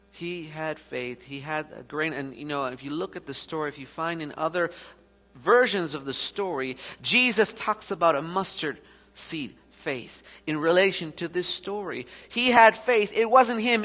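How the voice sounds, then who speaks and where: Bright-voiced preacher in an echoey church. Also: male voice, sits high. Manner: animated storytelling preacher, swings between loud and soft. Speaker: pastor. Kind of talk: sermon. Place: church sanctuary.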